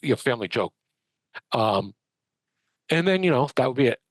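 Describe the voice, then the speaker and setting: A man, a medium and podcast guest, telling anecdotes in an animated, chatty way with many restarts. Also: medium pitch, moderate pace, no echo. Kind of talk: conversational storytelling.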